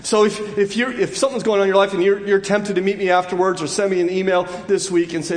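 A man in his thirties preaching a sermon in a conversational way, full of asides and restarts, at times crying out loudly. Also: high voice, fast, hardly any pauses, reverberant. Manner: conversational, frequent restarts and asides, rising to loud emotional cries. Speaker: pastor.

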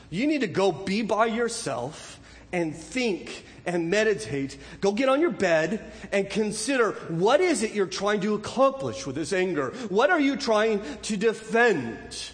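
A man preaching a sermon as pastor, earnest and animated, asking rhetorical questions of his listeners. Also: high voice, unhurried, big-room sound.

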